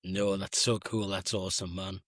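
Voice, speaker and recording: A man co-hosting a film podcast, excitable and quick to agree. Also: sits low, dry recording, studio quality. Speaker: podcast co-host. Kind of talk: casual film review chat.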